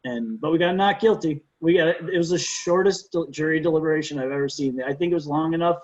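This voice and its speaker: A man, a defense lawyer, telling courtroom stories in a casual interview, animated and often restarting his sentences. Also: fairly high pitch, fast. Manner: animated storyteller, frequent restarts and stammered repeats. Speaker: defense lawyer, podcast guest. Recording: dull lo-fi sound.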